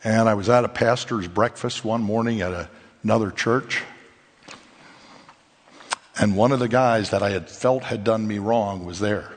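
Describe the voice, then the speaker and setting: A male pastor preaching a sermon in an animated, conversational way, full of rhetorical questions. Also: lowish voice, moderate pace, long pauses, in a large hall. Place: church sanctuary.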